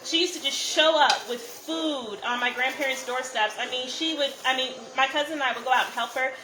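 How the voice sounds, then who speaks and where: A high-pitched woman hosts a live cooking stream, talking easily to her viewers while she works. She is recorded on a phone in an echoey kitchen, with steady background noise underneath. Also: fairly quick. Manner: chatty, greets viewers by name while cooking. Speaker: cooking show host. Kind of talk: live cook-along chat.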